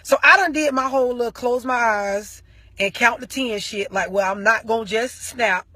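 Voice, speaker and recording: A woman vlogger telling a story as an animated rant, full of slang and heavy profanity. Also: fairly high pitch, moderate pace, dry recording.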